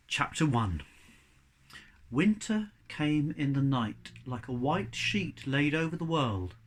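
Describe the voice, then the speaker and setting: A man reading a children's novel aloud to young pupils, with a chatty, expressive manner. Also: a little high.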